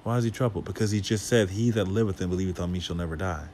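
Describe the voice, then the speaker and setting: A man's voice: deep voice, racing, a little mellow, slight background noise. A man leading a Bible study, reading scripture aloud and breaking it down with rhetorical questions and casual asides. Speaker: Bible teacher.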